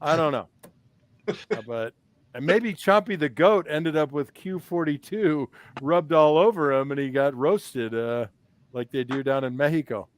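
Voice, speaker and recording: A man's voice: a little high, a little slow. A man co-hosting a casual sports talk show, a former player given to joking, teasing banter. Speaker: co-host, former football player.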